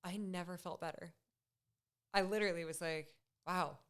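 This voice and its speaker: A woman's voice: fairly low pitch, fairly even intonation, moderate pace, a bit bright, clean tone. A woman in her thirties, a guest on a podcast, talking in an upbeat, chatty way and laughing often. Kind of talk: casual interview chat.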